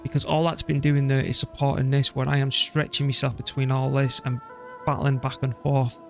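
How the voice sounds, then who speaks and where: A man's voice: medium pitch, flat delivery, moderate pace, soft background music. A man, casually talking through a strategy game he is playing and muttering to himself as he goes. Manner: chatty, muttering to himself, mild swearing. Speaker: streamer. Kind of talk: casual gameplay commentary.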